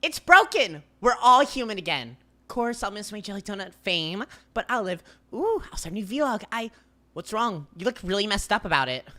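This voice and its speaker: A man voicing a bubbly, excitable young woman in a visual novel read-aloud, gushing and squealing. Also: sits high, moderate pace, pitched above the performer's own voice, full character voice. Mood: chirpy.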